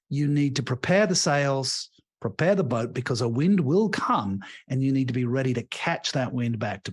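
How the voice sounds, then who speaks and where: A man's voice: medium pitch, breathy edge. A man who works as a leadership coach and author, talking expansively in a podcast interview, telling stories and acting out the voices of the people he describes. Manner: expansive storyteller, animated.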